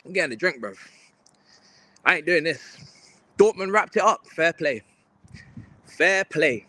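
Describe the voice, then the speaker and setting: Slangy young man, bright voice. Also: fairly high pitch, animated, measured pace, no room sound. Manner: slangy, exasperated, muttering. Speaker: livestream host. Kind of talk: casual livestream rant.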